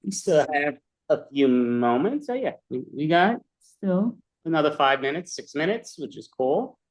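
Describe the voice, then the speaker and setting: A man's voice: a little high, very animated, measured pace. A man in casual chat, telling rambling, exasperated stories about his phone.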